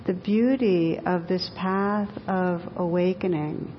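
A woman teacher giving a dharma talk, telling stories gently and with light laughter. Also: steady tone, slow. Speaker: meditation teacher. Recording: dull lo-fi recording in an echoey hall with faint rumble.

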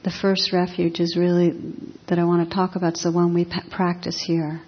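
A woman meditation teacher giving a dharma talk in a calm, reflective, unhurried way. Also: on the low side, slightly rough. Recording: dull lo-fi talk recording.

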